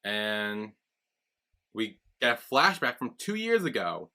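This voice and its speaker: A man's voice: big pitch swings, takes it slowly, sharp tone. A man co-hosting a podcast, casually recapping a TV episode and quoting its characters. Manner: retells scenes plot-style, quoting characters in a lowered voice. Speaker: podcast co-host.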